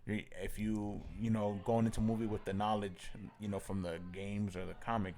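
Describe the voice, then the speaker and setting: A young man co-hosting a laid-back podcast, talking quickly in a lower voice. He jumps in eagerly, stacking repeated words as he builds his point. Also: little pitch movement, dark tone. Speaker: podcast co-host. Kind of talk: casual chat about comics and movies.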